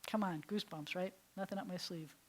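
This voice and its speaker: A woman rabbi teaching a Hebrew class, explaining with enthusiasm and often dropping to soft, breathy whispers for emphasis. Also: on the low side, brisk, rough recording. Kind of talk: classroom lesson. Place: synagogue classroom.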